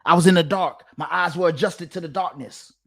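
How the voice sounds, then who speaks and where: A man's voice: a little high, brisk, vocal fry, fairly bright tone. A man voicing an indignant woman who is angry at being shown the truth, firing off rhetorical questions.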